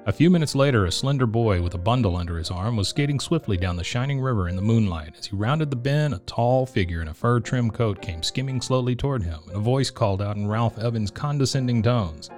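A man reading a children's Christmas story aloud in a gentle, measured way. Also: mid-range voice, lively intonation, faint music behind. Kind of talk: storybook narration.

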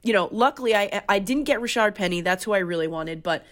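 Emphatic woman talking fantasy football. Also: medium pitch. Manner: emphatic, animated, quick opinions. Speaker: fantasy football podcast co-host. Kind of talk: casual sports chat.

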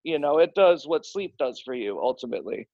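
Man, fairly high voice, rambling casual podcast talk, dry and slightly dull lo-fi sound. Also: animated, fairly quick, a little mellow, no echo. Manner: loose and rambling, with frequent restarts and casual swearing. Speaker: podcast guest, musician.

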